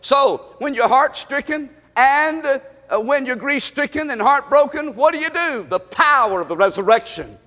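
A man's voice: very high voice, lively intonation, normal speed, sharp tone. A man, a pastor preaching a sermon in a church, calling out to the congregation with a rising and falling delivery. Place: church sanctuary. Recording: live stream with long hall reverb.

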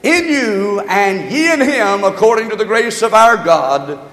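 A man preaching a sermon as pastor, reading scripture and calling on the congregation, with slowed, shouted emphasis on key words. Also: high-pitched, animated. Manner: calls to the congregation for amens and note-taking. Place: church sanctuary. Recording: echoey hall, long reverb.

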